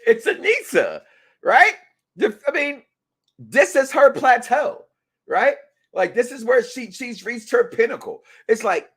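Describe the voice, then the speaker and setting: A man co-hosting a live review stream, joking in animated, loud-and-soft bursts. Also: extremely high pitch, measured pace, husky. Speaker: co-host of a reality show review.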